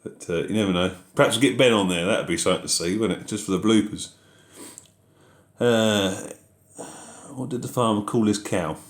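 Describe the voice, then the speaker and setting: A man chats casually through a live Q&A, reading out viewers' messages and answering each one in an unhurried, easygoing way. His voice sits on the low side, with a noticeably roomy, echoey sound around it. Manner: easygoing, reads out viewer questions then answers. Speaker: farming video host answering live chat.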